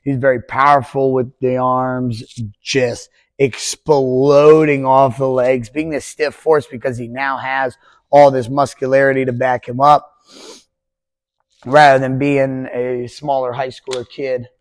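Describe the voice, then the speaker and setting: A man's voice: mid-range voice, dry recording. A man in his twenties, a pole vault coach, talking casually and rambling on a podcast. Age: 20s. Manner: rambling, conversational, jokey.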